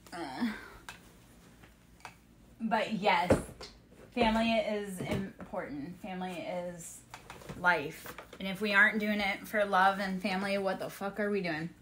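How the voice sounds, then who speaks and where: Slow-talking woman leading an energy healing. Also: on the low side, fairly bright tone, a little hiss or hum. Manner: slow, soothing guidance mixed with blunt swearing. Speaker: energy healer streamer. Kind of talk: live-stream energy healing, chatting with viewers.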